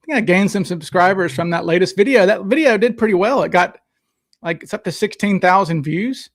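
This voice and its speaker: A man's voice: high voice, expressive, brisk. A man hosting a live stream, chatting casually, reading out viewers' comments and answering them into a desk microphone. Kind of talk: rambling live chat. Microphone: desk microphone, sometimes too close.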